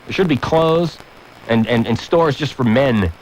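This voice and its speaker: A man hosting a talk radio show from a studio microphone, ranting with shouted mock outbursts. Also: mid-range voice, unhurried, slight background noise, low-quality recording.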